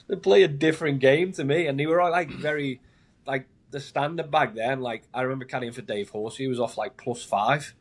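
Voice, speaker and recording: A man's voice: mid-range voice, brisk. A man, a caddie guest on a podcast, telling rambling anecdotes in casual chat, laughing often and filling his talk with "like".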